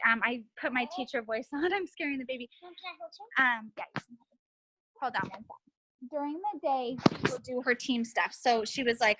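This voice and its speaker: A woman's voice: fairly high pitch, moderate pace, sharp tone, rough recording. A woman in her thirties and mother of four, talking casually and upbeat to her team on a group call, with many fillers. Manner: chatty, upbeat, filler-heavy. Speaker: team leader.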